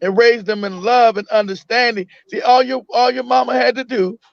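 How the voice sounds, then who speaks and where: A man's voice: very high-pitched, fairly even intonation, normal speed, gravelly. A man from the United States talking emphatically in a casual chat, often repeating himself and acting out a parent's words. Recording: dull lo-fi sound.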